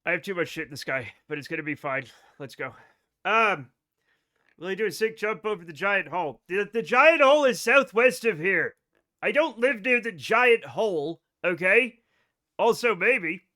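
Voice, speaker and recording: A man streaming a space game live, chatting excitedly with his viewers and swearing when things go wrong. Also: sits high, moderate pace. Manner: excitable, swears when frustrated, reads chat aloud. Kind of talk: live gaming stream chat.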